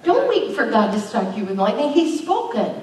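A woman's voice: on the high side, sing-song, moderate pace, darkish tone, a little hiss or hum. A middle-aged woman pastor preaching a conversational sermon with emphatic bursts. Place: church sanctuary. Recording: very echoey, distant church recording.

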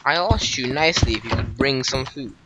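A man's voice: mid-range voice, expressive, brisk. A man hosting a casual gameplay commentary, bickering with his co-player in a mock-indignant, sarcastic way. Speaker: gaming channel host. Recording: noisy home recording with keyboard clicks.

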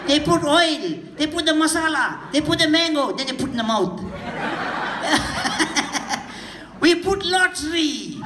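A man's voice: very high-pitched, animated, slow pace, pauses often. A man with a Durban South African Indian accent doing stand-up at a party, teasing the crowd and laughing between jokes. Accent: South African Indian English, Durban. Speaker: stand-up comedian. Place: party hall. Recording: echoey hall with loud noise.

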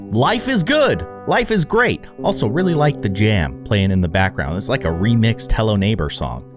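Casting note: man, gaming YouTuber, lively swooping voice, exclaiming reactions, faint game music behind. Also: on the high side. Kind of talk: let's play commentary.

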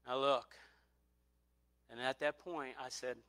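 A man's voice: medium pitch, fairly even intonation, slow pace, pauses often, sharp tone, no room sound. A middle-aged man preaching a sermon, telling a personal testimony earnestly and repeating phrases for emphasis.

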